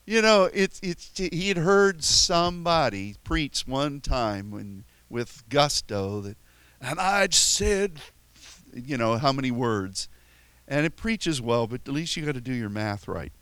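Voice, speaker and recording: Conversational pastor, dry close sound. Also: male voice, medium pitch, expressive, fairly bright tone, clean tone, no echo. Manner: conversational, halting with frequent restarts; tells stories with chuckles and playful quoted voices. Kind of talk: sermon.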